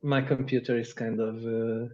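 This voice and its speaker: A man running a tabletop game as game master, narrating haltingly with many restarts. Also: medium pitch, flat delivery, a little mellow, highs cut off.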